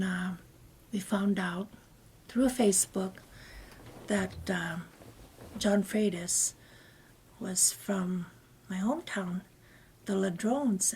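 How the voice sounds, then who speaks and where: A woman guest telling a personal story in conversation, rambling and often dropping into breathy half-whispered asides. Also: mid-range voice, dark tone. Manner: meandering, with many fillers and restarts. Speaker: interview guest.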